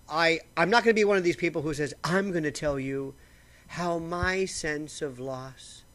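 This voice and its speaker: Bright, lively man rambling to camera. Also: high voice. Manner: rambling and animated, frequent restarts; slurps coffee while talking. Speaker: vlogger. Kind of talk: casual monologue to camera. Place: simple home setup.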